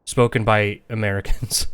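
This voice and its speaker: A young man streams a game with casual, rambling commentary, joking about the story and mockingly imitating the characters' lines. His voice sits on the low side with little pitch movement, a moderate pace, and a fairly bright, clear, resonant tone, recorded with no echo.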